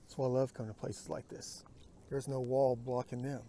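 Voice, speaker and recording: Man vlogging from a kayak out on a lake, mellow voice, musing into his phone, often drops to a murmur. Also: medium pitch, little pitch movement, brisk, slight background noise. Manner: muses aloud, drifting to murmurs and whispers. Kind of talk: rambling outdoor vlog.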